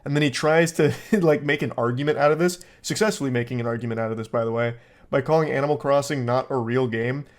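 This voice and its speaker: A man's voice: medium pitch, fast talker. A young man giving sarcastic comedic commentary while reading text messages aloud. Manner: sarcastic, dry. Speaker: YouTube commentator.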